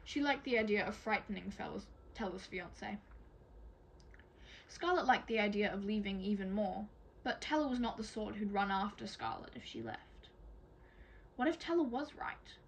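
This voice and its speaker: A woman reading a novel aloud as an amateur audiobook reader, in a steady, plain storytelling manner. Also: mid-range voice, moderate pace, a little hiss or hum, poor audio.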